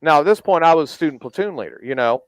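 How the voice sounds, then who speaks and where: A man's voice: on the high side, lively intonation, quick pace, no echo. A man telling a blunt, profane story in a casual chat, acting out the quoted lines of each person in it.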